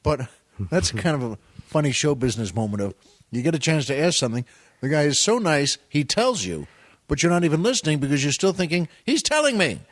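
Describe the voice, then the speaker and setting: A man's voice: a little high, animated, brisk, no echo, studio quality. A man, a comedian and actor guesting on a podcast, telling show business anecdotes in a rambling, self-deprecating way with plenty of restarts.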